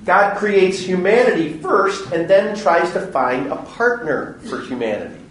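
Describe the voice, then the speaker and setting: A man giving a parish Bible study talk, animated and joking, acting out little voices in his stories. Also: high-pitched, unhurried, roomy sound, a little hiss or hum. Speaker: parish teacher. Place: parish hall or church.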